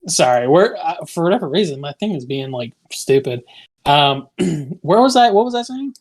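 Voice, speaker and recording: A young man co-hosting a podcast tells a long story in a rambling, casual way, stuffed with "like" and free swearing. His voice is a little high and very animated, and his pace is moderate.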